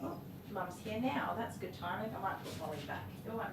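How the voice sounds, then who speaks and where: A woman's voice: mid-range voice, animated, a little fast. An Australian woman grooming dogs on a livestream, chatting casually, coaxing the dogs and often laughing. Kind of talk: casual livestream chat while working. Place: grooming salon. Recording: roomy distant mic with loud noise.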